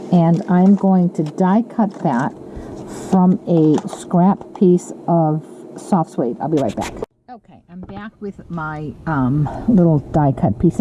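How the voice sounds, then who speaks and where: A woman's voice: fairly low pitch, warm tone. A woman casually demonstrating card making, chatty, with frequent ums and self-corrections. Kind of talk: casual craft tutorial. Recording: lo-fi with audible background noise.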